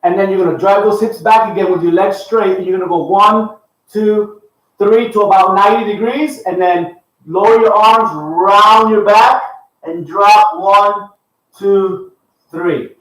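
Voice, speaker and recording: A fitness coach leading a live workout, counting reps aloud and giving upbeat cues. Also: male voice, sits high, steady tone, unhurried, fairly bright tone. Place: home workout space with a dog. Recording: echoey room, far from the mic.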